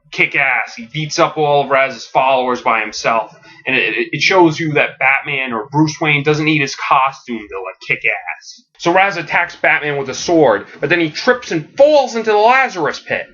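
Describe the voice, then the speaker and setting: A man on a podcast retelling a comic story as a comedic pitch, animated and laughing at his own jokes, with quick character voices. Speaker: podcast host. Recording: dull lo-fi audio.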